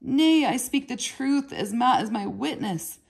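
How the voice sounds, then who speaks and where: A woman's voice: sits low, normal speed, darkish tone, husky. A woman reading aloud and voicing a thin, frightened boy who pleads and stammers. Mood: desperate. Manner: pleading, stammering, raising his voice when cornered.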